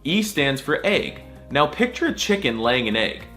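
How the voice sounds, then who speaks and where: A man jokes his way through a scripted voice-over, goofy, crude and full of mock outrage. His pitch swings up and down all over the place while he stretches out repeated sounds. Soft music plays underneath. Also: sing-song, normal speed. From United States. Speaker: comedic language explainer.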